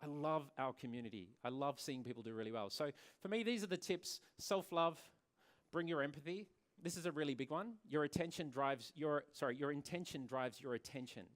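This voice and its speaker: A man's voice: a little high, a little fast. A man who owns a hair salon, giving an earnest talk to a conference audience and often repeating words as he restarts. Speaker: salon owner and presenter. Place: conference venue.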